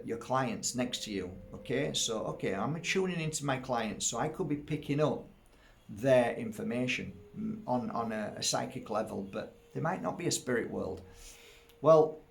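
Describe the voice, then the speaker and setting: A man's voice: mid-range voice, creaky. A man speaking as a psychic medium, earnest and chatty, stopping to restart his sentences and acting out what clients said. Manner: earnest and chatty, with frequent restarts and acted-out quotes. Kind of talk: casual reflective monologue.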